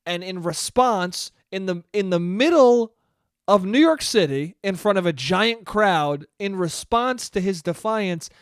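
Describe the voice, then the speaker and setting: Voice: medium pitch, lively intonation, unhurried, clear, resonant tone, dry recording. A podcast host in a casual comedic monologue, rambling, swearing freely and laughing at their own jokes on a close mic.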